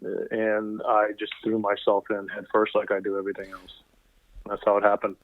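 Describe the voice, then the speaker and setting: A man, a physical therapist guest on an interview podcast, telling stories in an animated way and quoting people as he goes, heard over a call line. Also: lowish voice, fairly quick. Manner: animated anecdotal storyteller, quotes people in voices. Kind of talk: conversational interview storytelling. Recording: tinny phone-line sound.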